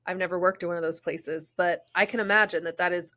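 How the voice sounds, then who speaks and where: A woman's voice: lowish voice, fast talker. A woman podcast host reading a listener's story aloud, breaking off to joke and laugh in casual asides. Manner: animated, laughs and jokes between read passages.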